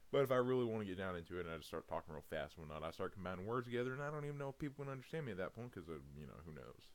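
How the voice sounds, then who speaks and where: A man doing a casual audio reading challenge, rambling and chuckling between words. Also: on the low side. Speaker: audio content creator.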